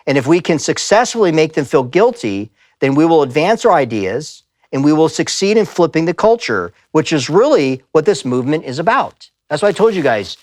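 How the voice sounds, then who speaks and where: A man's voice: fairly high pitch, no room sound, studio quality. A man giving a live talk in a church, speaking emphatically and telling stories with quoted voices. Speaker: pastor and speaker. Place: church sanctuary.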